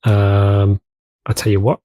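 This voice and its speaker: A man's voice: lowish voice, monotone, slow pace, mellow. A man casually commenting on his gameplay, rambling off on tangents and joking at his own expense. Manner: rambling, tangent-prone, self-mocking. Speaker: let's play host.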